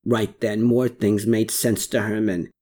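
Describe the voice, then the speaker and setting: An audiobook narrator reading a story chapter with expressive delivery. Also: mid-range voice, unhurried. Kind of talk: scripted narration.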